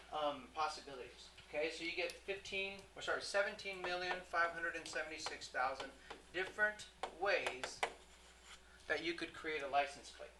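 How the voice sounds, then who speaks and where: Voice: mid-range voice, background noise. A math teacher giving a classroom lecture, who keeps checking in with the class, poses questions and corrects their own slips.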